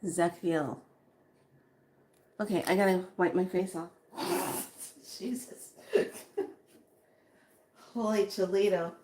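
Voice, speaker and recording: A woman hosting a spiritual vlog, reading names aloud slowly with breathy exclamations and sudden whoops while she says she is overheated and sweating. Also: on the low side, fairly even intonation, darkish tone, a little hiss or hum. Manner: slow, breathy exclamations, bursts of whooping and laughter. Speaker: spiritual vlogger.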